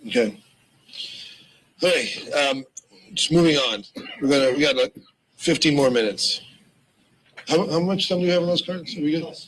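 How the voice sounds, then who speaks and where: A man interviewing someone, asking questions in an easygoing way with some halting restarts. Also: on the high side, a bit bright, poor audio.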